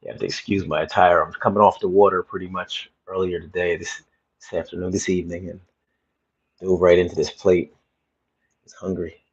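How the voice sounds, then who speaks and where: A man's voice: deep voice, flat delivery, brisk, breathy edge. A man hosting a casual livestream from his phone at home, chatting to viewers in a rambling way and repeating himself. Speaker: livestream host. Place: home room. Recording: slightly dull phone audio.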